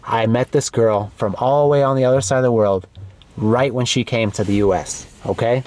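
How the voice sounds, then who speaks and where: A man teaching to learners, speaking slowly and clearly, repeating words and checking in with "okay?". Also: medium pitch, darkish tone. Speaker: English teacher. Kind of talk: slow, clear comprehensible-input lesson.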